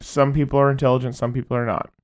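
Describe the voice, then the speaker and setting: A man's voice: mid-range voice, level tone, fast talker. A man co-hosting a podcast, chatting casually, rambling and swearing a lot. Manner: rambling, profane, laughs often. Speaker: podcast co-host. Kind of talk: casual chat.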